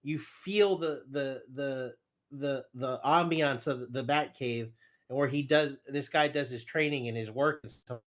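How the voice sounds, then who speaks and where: A man's voice: medium pitch, a little slow. A man co-hosting a casual movie discussion podcast, talking emphatically and repeating points. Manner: animated, emphatic, repeats himself. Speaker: podcast co-host.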